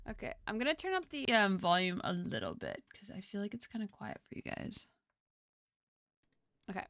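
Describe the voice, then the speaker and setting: A woman's voice: mid-range voice, sing-song, normal speed, creaky, long pauses, fairly bright tone, no echo, clean studio sound. A woman streaming a video game, chatting casually and animatedly with lots of giggles. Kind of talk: casual gameplay commentary.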